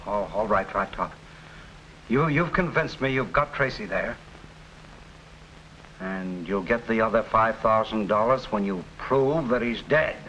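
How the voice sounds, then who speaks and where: An actor playing a greedy, nervous crime syndicate boss in an early TV crime drama, blustering and pleading. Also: male voice, fairly low pitch, measured pace, pauses often, a bit bright. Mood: angry. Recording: dull old TV soundtrack with faint hiss.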